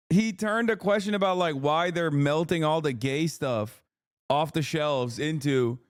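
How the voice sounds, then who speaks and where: A man's voice: fairly high pitch, clean tone, no room sound, clean studio sound. A man streaming, reacting to clips in casual commentary with a profane, exasperated rant.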